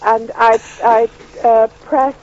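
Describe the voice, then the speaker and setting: A woman's voice: a little high, little pitch movement, slow pace. A woman calling a radio show, hesitant and unsure as she asks for help. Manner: hesitant, uncertain. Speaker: caller. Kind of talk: phone call to radio. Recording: muffled phone line.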